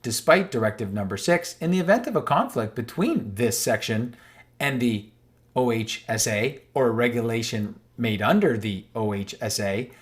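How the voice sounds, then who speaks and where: A man's voice: medium pitch, animated, moderate pace. A man from Canada reading a legal document aloud on screen and explaining it emphatically, repeating the key points. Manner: emphatic and repetitive, stressing key words; reads passages aloud, then restates them plainly. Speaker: online commentator.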